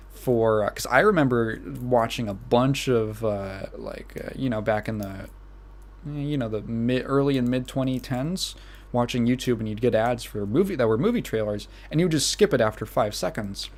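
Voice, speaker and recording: A young man with a Midwestern American accent hosting a solo podcast, rambling casually and laughing at his own asides. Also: medium pitch. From Illinois. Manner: rambling, self-amused, laughs often. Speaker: podcast host.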